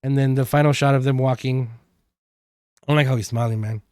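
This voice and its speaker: A man's voice: medium pitch, steady tone, fairly quick, darkish tone, clean tone, no room sound, clean studio sound. A man co-hosting a podcast, casually recapping a TV episode with rambling asides and many "um"s. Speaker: podcast co-host.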